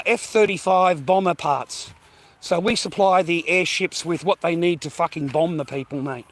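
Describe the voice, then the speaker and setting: A high-pitched, slightly bright male voice: an Australian man vlogging outdoors on foot, rambling through a profane, slangy rant and a little short of breath.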